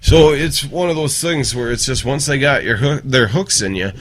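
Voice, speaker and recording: Man, podcast co-host, casual chat, blunt, profane, joke-telling, mid pitch. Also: normal speed, fairly bright tone.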